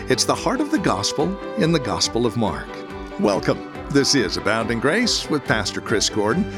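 Male announcer over music. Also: medium pitch. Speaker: radio program announcer. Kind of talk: scripted program introduction. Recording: music playing behind.

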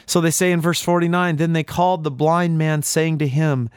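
A man delivers a sermon with earnest conviction, his voice pitched a little high. He drops to near-silent pauses and then builds back up with emphasis. The sound is dry and close, with no room around it. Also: little pitch movement, clean tone, dry recording. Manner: earnest preaching with rising emphasis and dramatic pauses. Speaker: preacher.

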